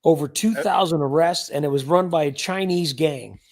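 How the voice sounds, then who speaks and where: A man with a high voice and a gravelly, creaky texture hosts a relaxed livestream. He chats loosely and reads out viewers' names as he goes. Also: normal speed. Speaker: livestream host. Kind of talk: casual livestream chat.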